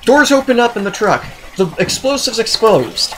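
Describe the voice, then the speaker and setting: Sarcastic guy doing a movie review rant, voice bouncing all over the place, keeps squeaking up in disbelief. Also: expressive, normal speed, fairly bright tone, a little hiss or hum, low-quality recording. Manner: sarcastic, exasperated, jumps into high incredulous outbursts.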